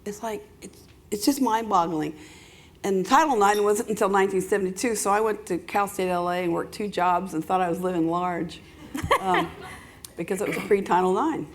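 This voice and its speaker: A woman's voice: medium pitch, animated, moderate pace, a little hiss or hum. Older woman guest, teasing and reflective. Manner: teasing, then reflective and earnest. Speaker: interview guest. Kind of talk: live stage interview. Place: stage at an awards event.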